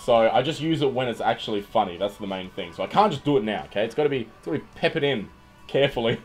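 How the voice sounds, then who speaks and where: With faint music behind him, a young Australian man reads out chat on his laid-back livestream in an animated, quick, mid-range voice. He's jokey and irreverent, curses liberally and tends to repeat words.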